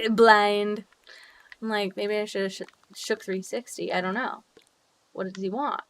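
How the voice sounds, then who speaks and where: A young woman streamer chatting casually with her viewers while decorating in a game, bubbly and quick to swear. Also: mid-range voice, steady tone, a bit bright. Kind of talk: casual live-stream chat while gaming.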